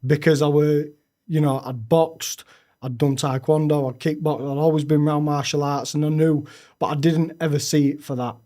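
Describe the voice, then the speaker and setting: A young man, a podcast guest telling his own story frankly, with halting restarts. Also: fairly high pitch, little pitch movement, mellow. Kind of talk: candid personal storytelling.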